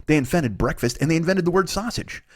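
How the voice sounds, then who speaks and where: A man in his forties hosting a comedy podcast, riffing through a profane, excitable monologue. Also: a little high, fast talker, dry recording, studio quality. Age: 40s.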